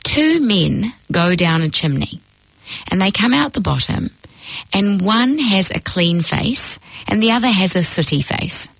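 A woman's voice: medium pitch, expressive, unhurried, vocal fry, a bit bright, breathy edge, no room sound, exaggerated voice, rough recording. A woman voicing a teasing old-world rabbi. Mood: instructive. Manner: didactic, posing riddles. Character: patient, teasing male rabbi teacher.

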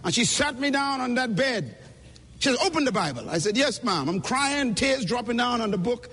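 A man's voice: extremely high pitch, animated, moderate pace, bright, forceful tone, slightly rough. A man giving an emphatic, preacher-like motivational speech at a conference, speaking directly to the audience, recorded in a reverberant hall.

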